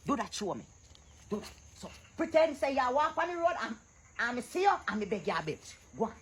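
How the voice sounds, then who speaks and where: A woman's voice: fairly high pitch, very animated, a little fast, slight background noise. A woman with a Jamaican accent, in a comic skit, bossily instructing someone how to act like a local. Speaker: comedy skit performer. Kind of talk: comic skit teaching patois.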